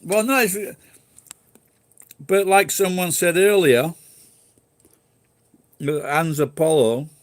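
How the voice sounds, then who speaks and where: A man's voice: on the high side, slow, long pauses, no room sound. A man from England chatting casually in a rambling way, swearing freely and laughing easily. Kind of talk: casual chat.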